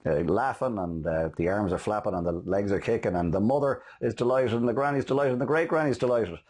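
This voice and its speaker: A man hosting a motivational talk on selling, telling stories quickly with many fillers and restarts. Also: on the low side, darkish tone. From Ireland. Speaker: host and sales motivational speaker. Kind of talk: casual motivational talk with anecdotes.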